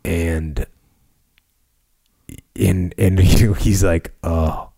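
A man's voice: low-pitched, moderate pace, mellow. A man hosting a podcast, telling a story in casual chat and often repeating his words as he gets going. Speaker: podcast host.

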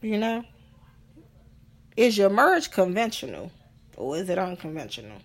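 Here a woman podcaster with a medium-pitched, sing-song voice speaks at normal speed. Her casual relationship monologue is blunt and profane, peppered with rhetorical questions.

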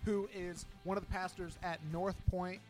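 Man, fairly high voice, podcast co-host, earnest, filler words, music in background. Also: flat delivery, moderate pace, a little mellow. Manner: earnest, simple phrasing with fillers. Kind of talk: casual podcast chat.

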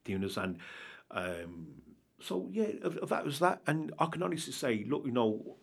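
Husky man telling his story. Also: medium pitch, big pitch swings, moderate pace. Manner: earnest, rambling, keeps asking "do you understand?". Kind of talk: candid personal account in an interview.

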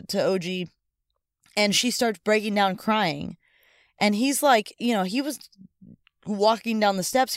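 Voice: medium pitch, clear, resonant tone, no room sound, clean studio sound. Rambling, upbeat sports podcast co-host. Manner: rambling, many "like" and "you know" fillers; enthusiastic, upbeat. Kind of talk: casual chat, retelling a story.

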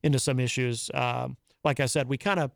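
A man's voice: mid-range voice, fairly even intonation, a little fast, vocal fry, no room sound. A man hosting a live radio talk show from a studio, chatting in a rambling, self-amused way on a studio microphone. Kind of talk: casual monologue.

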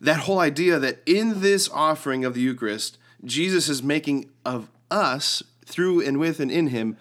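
Chatty man who talks with his hands. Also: moderate pace. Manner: animated, acts out quoted lines with rising pitch; lots of "like" and restarts. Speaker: podcast co-host. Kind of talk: casual faith discussion.

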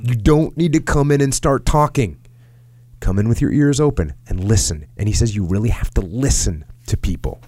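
A middle-aged man in a casual podcast talk, reading from an article and acting out quotes with lively jumps in pitch. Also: moderate pace, dry recording. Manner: animated storyteller, acts out quotes in a raised pitch. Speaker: podcast host.

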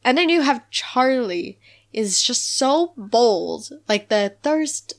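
Giggly, animated woman podcast host. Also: a little high, takes it slowly. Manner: giggly, animated, quotes characters in playful voices. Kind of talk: casual recap chat.

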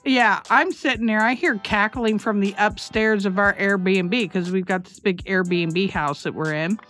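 A woman co-hosting a podcast, telling stories in a casual, animated way, swearing and acting out voices. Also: mid-range voice, measured pace, soft background music. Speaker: podcast co-host. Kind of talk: casual chat.

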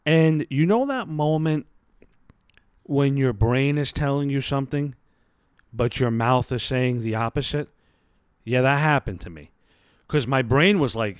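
A man's voice: mid-range voice, lively intonation, measured pace, pauses often, clean tone, dry recording, studio quality. A man in his thirties hosting a podcast, telling a story in a casual, rambling, self-mocking way full of swearing. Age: 30s. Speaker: podcast host. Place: lying on his bed at home.

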